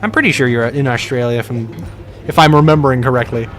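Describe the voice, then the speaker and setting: A man's voice: mid-range voice, fast. Rambling, playful male game streamer. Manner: rambling, playful, chatting with viewers. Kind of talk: casual live-stream game commentary.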